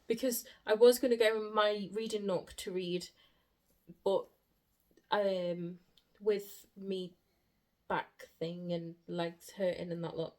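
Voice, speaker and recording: A woman chatting casually in a reading vlog, rambling and warm-hearted about books. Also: medium pitch. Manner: chatty, rambling, emotional when grateful. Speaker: book vlogger.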